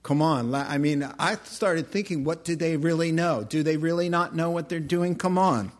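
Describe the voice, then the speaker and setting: A man preaching a sermon, emphatic, swinging between loud exclamations and quiet asides. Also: a little high, normal speed. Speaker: pastor.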